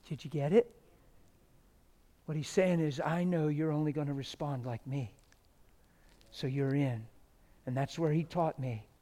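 A middle-aged man preaching a testimony sermon, swinging from loud shouted stretches to hushed, near-whispered ones. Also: on the high side, a little slow, long pauses.

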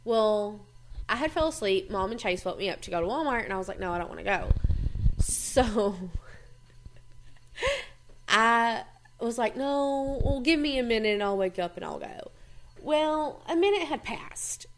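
Woman, casual storytelling, higher voice, very lively pitch, swears, laughs a lot. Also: measured pace, long pauses, slight background noise. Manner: animated, swearing, laughs often, acts out quotes. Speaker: host.

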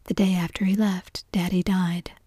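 A woman's voice: fairly low pitch, flat delivery, moderate pace, dark tone, husky, no room sound, studio quality. A woman whispering the lines of a wry, offhand young sportswoman in a whispered role-play.

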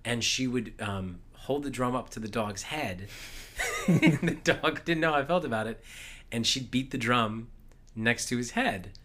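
A man's voice: mid-range voice, measured pace. Chatty male podcast co-host. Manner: storytelling, animated, laughs often. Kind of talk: casual chat.

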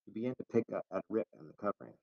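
A man reading a first-person novel aloud in a calm, measured way. The recording sounds dull and lo-fi. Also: on the low side, creaky. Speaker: audiobook narrator.

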